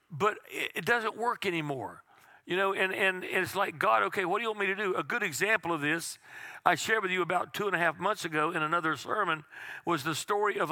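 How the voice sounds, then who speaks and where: Bright-voiced pastor preaching slowly. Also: male voice, high voice, no room sound. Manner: slows right down for key phrases, drops to a hush for quiet lines. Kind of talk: sermon. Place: church sanctuary.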